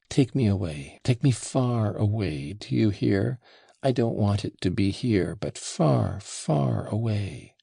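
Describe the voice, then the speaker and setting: A man's voice: lowish voice, creaky, darkish tone, breathy edge, no echo, clean studio sound, full character voice. A man reading an audiobook and voicing an impulsive young woman who pleads and commands by turns, breathless and imploring. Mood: earnest, pleading. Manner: breathless, imploring, swinging between giddy and faint.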